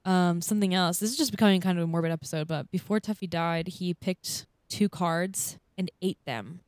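A young woman co-hosts a podcast in casual chat, with a voice pitched a bit low for a woman. She is chatty and upbeat and explains things at length. The sound is dry and close. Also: a little fast, darkish tone, no room sound. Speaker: podcast co-host.

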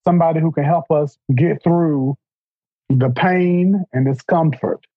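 A man in casual chat, telling family stories in an earnest, reflective way, with a husky voice. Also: a little high, unhurried, dry recording. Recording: dull, dry recording.

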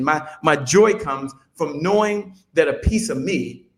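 A man in his fifties, a business guest on an interview show, telling stories in an animated motivational way and often repeating words as he builds up. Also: on the high side, measured pace. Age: 50s. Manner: animated storyteller, repeats words when excited.

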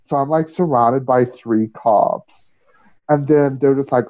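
An Australian man with a mid-range voice speaks slowly as a podcast guest in casual conversation, heard through muffled lo-fi audio. He tells stories candidly, with lots of fillers and swearing.

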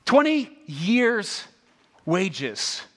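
High-pitched and drawing out his words, a man preaches a sermon. This pastor speaks conversationally and with animation, posing many rhetorical questions and sprinkling in "right?" asides.

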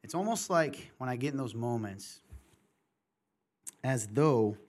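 A man's voice: mid-range voice, expressive, measured pace. A middle-aged man hosting a podcast, talking candidly and passionately in casual chat, in bursts and restarts. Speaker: podcast host.

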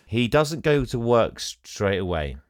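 A man's voice: medium pitch, sing-song, unhurried, no echo, clean studio sound. A man hosting a podcast, recapping a film in casual chat and laughing often.

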